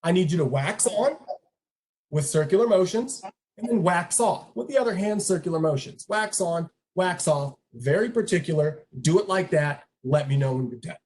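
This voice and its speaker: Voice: mid-range voice, animated, darkish tone, natural voice. A speaker doing a stern, exacting old karate master. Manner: slow, exacting instructions.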